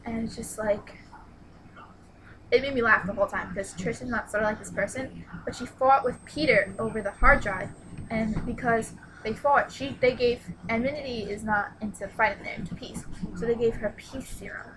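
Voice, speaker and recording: A young woman excitedly retelling a book's plot in a casual review vlog, with lots of "like" and sudden squealed exclamations. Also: on the high side, normal speed, noisy background. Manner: excitable and gushing, exclaims "What? What?"; retells the plot with many "like"s and restarts. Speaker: book reviewer.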